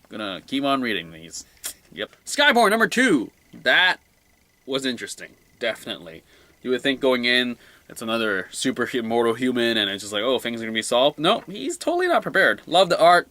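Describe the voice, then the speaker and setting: A young man giving a casual solo comic book review, rambling and excitable, often trailing off quietly. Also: medium pitch, no room sound.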